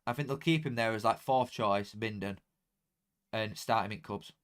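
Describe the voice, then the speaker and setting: A young man talking casually to viewers during a football watchalong, chatty and excitable, dropping into flat mutters and jumping to loud outbursts. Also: lowish voice, moderate pace. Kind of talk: casual live commentary to viewers.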